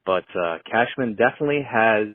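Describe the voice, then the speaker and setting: A man calls in to a sports show and talks in a blunt, dry way. His pitch moves a lot. The sound is a dry, tinny phone line. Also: lively intonation, fairly quick, no room sound. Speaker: caller.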